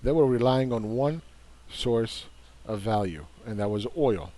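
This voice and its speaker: A man talks through a market overview with a combative, dismissive edge. His voice sits at an ordinary middle pitch. He leans on repeated words to drive his points home. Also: animated, measured pace, dark tone, dry recording. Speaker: investing commentator. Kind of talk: casual market commentary.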